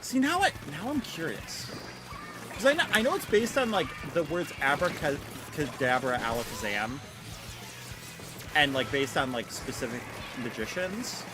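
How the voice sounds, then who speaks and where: A woman live streaming a video game, talking in an excitable, rambling way with many restarts. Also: deep voice, measured pace, background noise. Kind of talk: live gameplay stream chat. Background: music.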